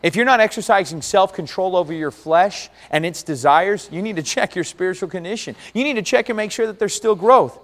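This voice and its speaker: A man preaching a sermon, earnest, with big swings between loud and quiet. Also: high-pitched, a little fast, few pauses. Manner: earnest, rises and falls dramatically. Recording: long hall reverb.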